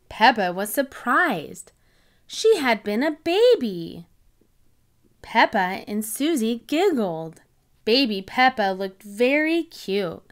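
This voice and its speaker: A woman's voice: on the high side, big pitch swings, takes it slowly. Cheerful woman reading to kids. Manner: warm, enthusiastic, child-directed. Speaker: children's book reader. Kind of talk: read-aloud storytelling for kids.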